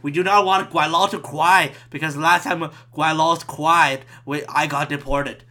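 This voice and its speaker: A man voicing a male Chinese restaurant cook with a Cantonese accent, speaking halting, broken English. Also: on the high side, steady tone, pushed and bright, voice pushed down. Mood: eager.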